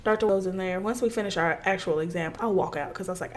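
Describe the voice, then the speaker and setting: Animated storytelling woman podcaster. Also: lowish voice, fast talker, slight background noise. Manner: animated storytelling, swearing, acts out quotes. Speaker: podcast co-host. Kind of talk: casual chat.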